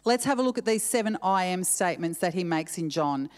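A woman's voice: lowish voice, animated, brisk, a little mellow. A woman preacher giving a sermon in an earnest, conversational way, repeating verses with shifting emphasis and adding casual asides. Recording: long hall reverb.

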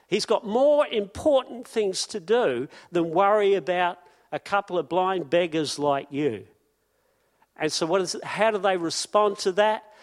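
Man, preacher, sermon, high voice, unhurried, earnest, repeats lines for emphasis. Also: animated.

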